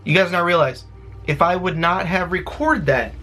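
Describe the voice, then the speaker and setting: Guy vlogging, kinda high voice, rushing thru his story all worked up, faint music behind. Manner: excited, rushed retelling with many fillers and restarts. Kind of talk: casual storytelling to camera.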